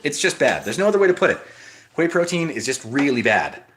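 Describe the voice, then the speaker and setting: Brief: casual male streamer, mid-pitched, loose and rambling, reading out comments from chat. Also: very animated, fairly quick, a bit bright, slight background noise. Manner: rambling, with frequent restarts and asides. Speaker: livestream host.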